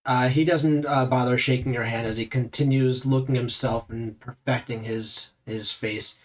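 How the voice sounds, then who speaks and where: A man's voice: medium pitch, steady tone, normal speed. A man running a tabletop game as game master, narrating loosely with many fillers.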